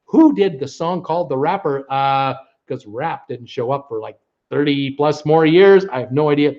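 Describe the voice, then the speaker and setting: A man's voice: a little high, moderate pace, darkish tone. A man hosting a live trivia stream, chatting casually with viewers and humming bits of old songs. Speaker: host of a live trivia show. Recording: dull lo-fi stream audio.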